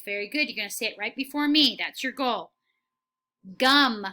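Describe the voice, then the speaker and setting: A woman teaching a phonics lesson to young children, speaking slowly and clearly and giving steady encouraging praise. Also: a little high. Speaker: kindergarten teacher.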